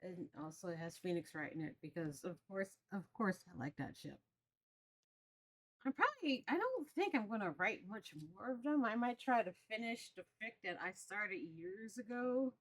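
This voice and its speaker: A woman's voice: mid-range voice, animated, moderate pace, few pauses. A woman streamer chatting casually as she plays a game, rambling along with frequent ums. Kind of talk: casual let's-play chat. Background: game music.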